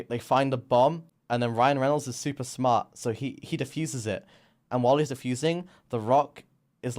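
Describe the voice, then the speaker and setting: A young British man streams as he spins a silly story, chatting casually and playfully. His voice sits at a middling pitch and he rambles. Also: darkish tone.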